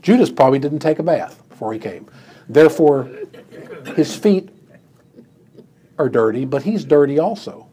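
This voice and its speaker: A man's voice: on the high side, lively intonation, normal speed, pauses often, mellow. A man preaching a sermon and teaching a Bible passage in a conversational way, with many "you know"s, who acts out the quoted lines with rising emphasis. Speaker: pastor.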